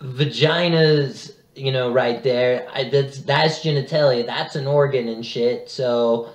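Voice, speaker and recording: Relaxed rambling man, echoey room. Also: medium pitch, takes it slowly. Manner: relaxed, rambling, swears casually. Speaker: podcast co-host. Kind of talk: casual chat.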